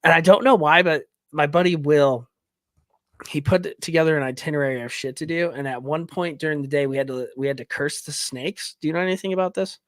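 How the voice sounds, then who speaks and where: A man's voice: fairly high pitch, fairly quick, fairly bright tone, no echo, clean studio sound. A young man co-hosting a hockey podcast in casual banter, swearing often and calling his co-host "dude". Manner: swears a lot, says "dude".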